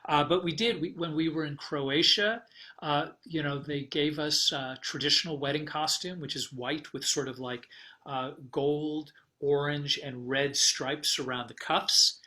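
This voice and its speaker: A man with a fairly high, bright and forceful voice, speaking as a podcast guest. He tells a long personal travel story in a loose, animated way. He often restarts sentences and fills pauses with "uh" and "like.". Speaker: guest, travel writer and publisher. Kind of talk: casual storytelling interview.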